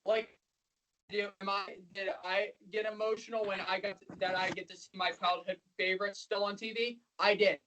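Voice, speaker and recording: A man's voice: high-pitched, flat delivery, moderate pace, background noise. Rambling emotional male podcaster. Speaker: podcast co-host. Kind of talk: casual podcast chat.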